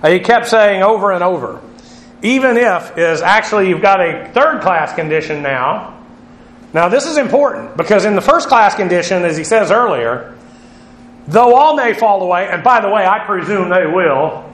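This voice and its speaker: A man's voice: sits high, lively intonation, moderate pace, a bit bright, roomy sound. A man teaching a Bible lesson on Greek word meanings, spelling words out letter by letter with frequent fillers.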